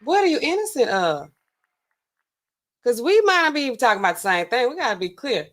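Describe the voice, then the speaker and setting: A woman pharmacist hosting a casual reaction commentary, talking in a sassy, colloquial, animated way. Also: a little fast. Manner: animated, sassy, colloquial, swings pitch for emphasis. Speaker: pharmacist host.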